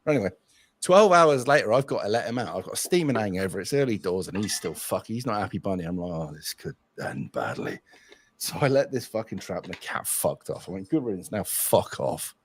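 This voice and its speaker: A man, telling a crude anecdote in casual chat on a stream, sweary and animated, often adding "right?". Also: fairly low pitch, quick pace, slight background noise. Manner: profane, animated, frequent "right?" asides. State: tired from lack of sleep. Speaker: stream co-host.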